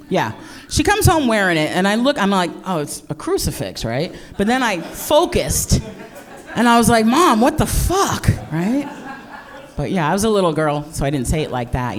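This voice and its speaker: A middle-aged woman doing live stand-up comedy, brash and profane, with a voice that swings widely up and down as she plays to the crowd. She mocks herself and talks straight to the audience. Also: medium pitch. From United States. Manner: brash, profane, self-mocking, playing to the crowd.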